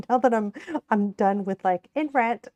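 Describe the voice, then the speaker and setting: A woman's voice: fairly high pitch, mellow, no room sound, lo-fi sound. A young Australian woman streaming while she cooks, chatting casually and rambling, with frequent laughs and casual swearing. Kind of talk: casual live-stream chat while cooking.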